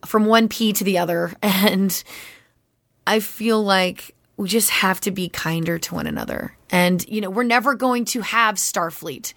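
Chatty woman voice actress, animated, dry. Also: mid-range voice, a little slow, no room sound. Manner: chatty, animated, many fillers. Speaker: guest voice actress. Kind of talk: casual interview chat.

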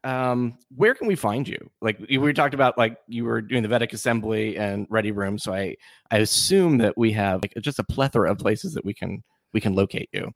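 A male podcast host with a somewhat low voice, chatting casually. He rambles and restarts often, full of fillers. The sound is dry and close, with no room around him. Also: brisk, vocal fry, dry recording. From Washington State. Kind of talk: casual chat.

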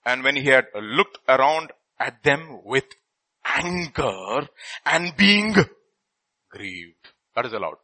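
A man preaching a sermon, reading scripture and swinging from loud bursts to quiet asides. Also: mid-range voice, very animated, slow, rough recording.

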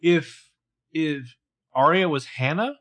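A man's voice: a little high, takes it slowly, fairly bright tone. A man co-hosting a podcast, casually recapping a TV episode and jokingly acting out characters' lines. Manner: jokey, acts out characters' lines in passing. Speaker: podcast co-host.

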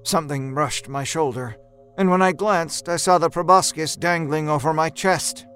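Man telling a horror story over soft music. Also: on the high side, moderate pace, clean tone. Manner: tense, hushed narration with sudden shouts. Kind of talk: first-person horror story narration. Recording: narration with a faint music score.

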